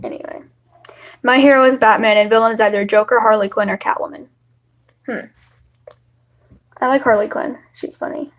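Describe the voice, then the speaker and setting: A woman's voice: on the high side, steady tone, normal speed, pauses often. A young woman chatting casually and rambling on a home livestream. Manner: chatty and rambling, many fillers. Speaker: livestream host.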